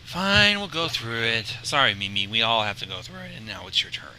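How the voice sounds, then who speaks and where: A man voicing a reluctant young girl who leads her friends, speaking quiet and resigned in a fan story reading. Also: medium pitch, sing-song, fairly quick, slight background noise, pitched below the performer's own voice, rough recording.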